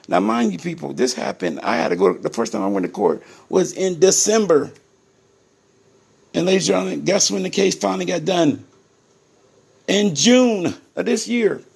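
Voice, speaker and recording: A man with a high, gravelly, husky voice tells his own story to his viewers. He is indignant and emphatic, keeps calling out to them and repeats words for stress. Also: darkish tone.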